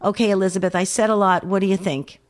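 A middle-aged woman gives earnest advice on a call-in radio program. She speaks gently at a middle pitch and doubles back on words as she reasons. Her tone stays patient and steady. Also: fast. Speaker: radio show co-host and counselor.

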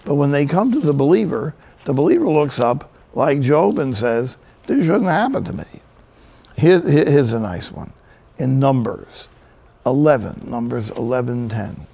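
A man's voice: on the high side, vocal fry, warm tone. A man from New Jersey preaching a sermon, telling Bible stories with humorous asides. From New Jersey, USA.

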